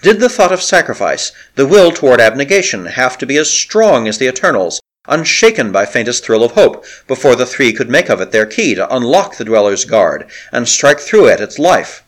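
A man's voice: medium pitch, moderate pace, few pauses. Man narrating an adventure novel with dramatic flair. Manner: dramatic, expressive storytelling. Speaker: audiobook narrator.

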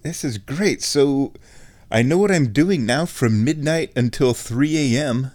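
A man hosting a show on his own, thinking aloud in an excitable, self-mocking ramble. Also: mid-range voice, a little slow. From United States. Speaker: podcast host. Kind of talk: rambling solo chat.

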